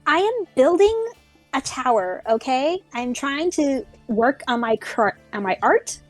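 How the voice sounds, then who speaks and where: A woman's voice: sits high, lively intonation, faint music behind, voice pushed up. Woman doing a whiny, sulky teenage tavern girl. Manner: whiny, sarcastic, drawn-out complaints.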